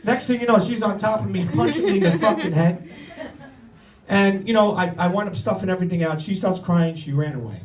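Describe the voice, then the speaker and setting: A man's voice: high voice, fairly quick. A middle-aged man telling a stand-up story on stage, rambling and profane, with stammered restarts. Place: comedy club stage with audience. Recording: echoey room, recorded from far off.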